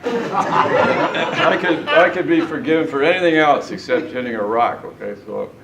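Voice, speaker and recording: A man's voice: on the high side, a little slow, creaky, over a noisy crowd. A middle-aged man telling fishing anecdotes in a tribute speech at a party, chuckling often as he goes. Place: large indoor party room. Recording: echoey, distant, noisy party room.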